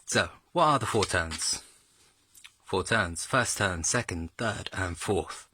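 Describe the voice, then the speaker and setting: A man giving a casual, jokey video lesson as a self-taught learner, stretching his pitch up and down to demonstrate tones. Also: expressive, takes it slowly, bright, forceful tone, slight background noise. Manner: chatty and jokey, exaggerates tones when demonstrating.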